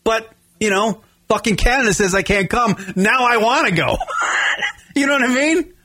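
A man co-hosting a show in casual chat, ranting and swearing with loud bursts. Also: very high-pitched, normal speed. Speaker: podcast co-host.

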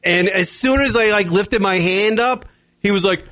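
A man co-hosting a comedy talk podcast, telling stories in a profane, animated way with lots of fillers. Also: high voice, moderate pace, no room sound. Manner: animated, swears constantly, frequent fillers. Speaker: podcast co-host.

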